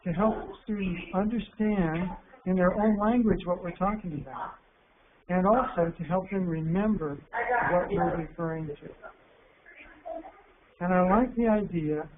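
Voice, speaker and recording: A man from the United States giving an instructional workshop talk to teachers, calm and deliberate, slowing down to stress key words. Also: high voice. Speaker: teacher educator presenting a workshop. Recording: narrow phone-like sound with faint hiss.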